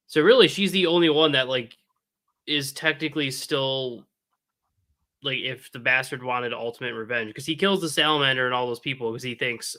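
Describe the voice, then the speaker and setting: A man's voice: mid-range voice, a little fast, pushed and bright. A man co-hosting a casual podcast chat, explaining plot points with many fillers. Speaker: podcast co-host.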